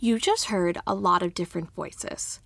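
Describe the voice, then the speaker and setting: A woman co-hosting a science podcast, reading scripted narration in a measured, questioning way. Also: on the low side, vocal fry, fairly bright tone, faint music behind. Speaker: podcast co-host.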